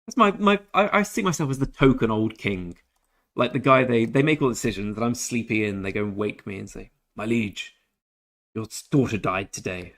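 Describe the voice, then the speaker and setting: A man's voice: mid-range voice, lively intonation, a little fast, gravelly, a bit bright. A laid-back young Englishman streaming a game and chatting with viewers in a jokey, easygoing way. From England. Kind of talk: casual livestream chat with viewers.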